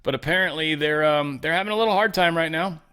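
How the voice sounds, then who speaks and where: A man's voice: fairly high pitch, quick pace, pushed and bright, clear, resonant tone. A middle-aged man hosting a talk show, giving rambling, sarcastic commentary with offhand asides. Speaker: show host. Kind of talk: casual news commentary.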